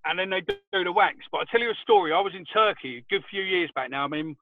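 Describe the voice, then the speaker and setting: Give me a high-pitched, foul-mouthed man over a thin, phone-like line, spinning chatty anecdotes. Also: fast talker. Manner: swears freely, animated anecdotes. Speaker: podcast co-host. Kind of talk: casual chat.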